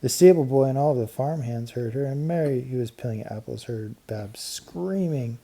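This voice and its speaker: A man narrating a children's storybook with steady, clear storytelling and lively emphasis. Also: medium pitch, normal speed. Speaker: audiobook narrator. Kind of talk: storybook reading.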